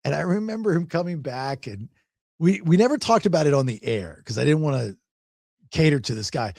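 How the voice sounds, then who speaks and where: Gravelly man telling a story. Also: fairly high pitch, a little fast, no room sound, clean studio sound. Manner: rambling, repeats words, animated when quoting others. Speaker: podcast host. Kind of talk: casual storytelling chat.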